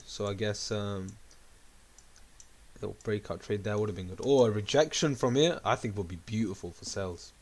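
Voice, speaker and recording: A man hosting a trading livestream, chatting casually and walking through chart setups in a relaxed, low-key way. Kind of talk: casual chat and chart analysis.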